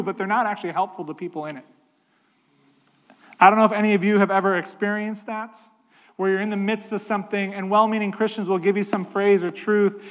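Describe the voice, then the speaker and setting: High-voiced man preaching in a hall. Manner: conversational, slows down for emphasis. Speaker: pastor. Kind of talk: sermon.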